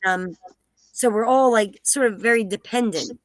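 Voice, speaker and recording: A woman's voice: a little high, normal speed, slight background noise. A woman from New Jersey sharing her own situation in a rambling way, full of fillers and restarts. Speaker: group participant sharing personally. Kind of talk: candid personal sharing.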